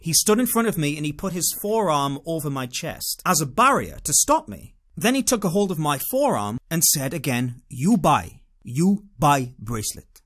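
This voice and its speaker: A British man tells a personal story to camera, sardonic and animated. His voice sits somewhat high for a man and swings widely up and down as he dramatizes each moment. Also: moderate pace, few pauses. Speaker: vlogger. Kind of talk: casual storytelling monologue.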